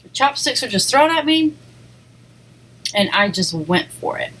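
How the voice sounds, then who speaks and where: Here the mukbang vlogger has a slightly high, sing-song voice that is a bit bright and a little slow. She eats on camera and chats casually, rambling between bites with little eating noises, and the recording quality is low.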